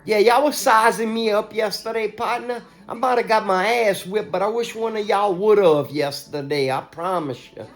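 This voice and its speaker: A man's voice: sits high, steady tone, moderate pace, hardly any pauses, soft background music. A man in an agitated, profane and repetitive rant, talking straight to his viewers. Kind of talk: ranting monologue to camera.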